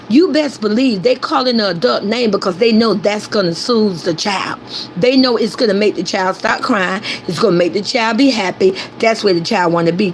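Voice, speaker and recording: A woman's voice: mid-range voice, a little hiss or hum, poor audio. Emphatic woman ranting to her chat. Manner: emphatic, repetitive, addresses chat directly. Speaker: commentary host. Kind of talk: ranting commentary.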